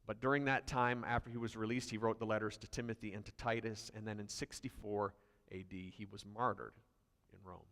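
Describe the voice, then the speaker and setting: A man's voice: fairly low pitch, little pitch movement, brisk, a bit bright, in a large hall. A man pastor preaching a sermon emphatically, reading scripture aloud with growing intensity. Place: church hall.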